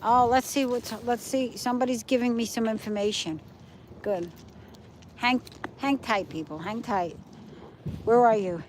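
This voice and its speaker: A woman's voice: on the high side, unhurried, long pauses, darkish tone, slight background noise, rough recording. A middle-aged woman chatting casually to livestream viewers on her phone while walking her dog by the ocean at night. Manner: chatty, points things out to viewers. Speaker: livestream host. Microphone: phone held while walking.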